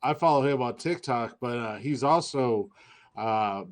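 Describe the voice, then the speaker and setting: Middle-aged dude co-hosting a podcast, rambly storyteller, keeps restarting, normal mid voice. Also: male voice, medium pitch, a little slow. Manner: rambling, restarts, tells anecdotes with quoted dialogue. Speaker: podcast co-host. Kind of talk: casual storytelling chat.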